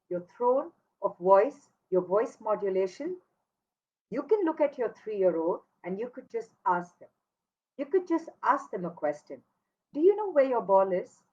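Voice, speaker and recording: A parenting educator with a medium-pitched voice gives parents an earnest, emphatic instructional talk, repeating key words to give them weight. The recording sounds lo-fi.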